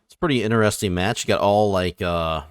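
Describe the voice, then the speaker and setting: A man's voice: fairly low pitch, fast, clean tone, dry recording, studio quality. A man in casual podcast chat, reading ratings and reacting with wry asides. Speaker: podcast co-host.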